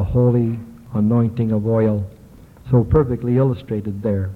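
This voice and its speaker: A man giving a religious lecture, reading old texts aloud slowly and measuredly, with small hesitations. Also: fairly low pitch, fairly even intonation. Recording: tinny lo-fi recording, long hall reverb.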